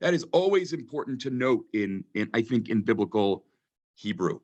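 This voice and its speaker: A man's voice: medium pitch, very animated, moderate pace, a little mellow, dull audio. A man leading a text study class. He reads Hebrew verses aloud, translates them and reflects on them thoughtfully, with many ums. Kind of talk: online text study lecture.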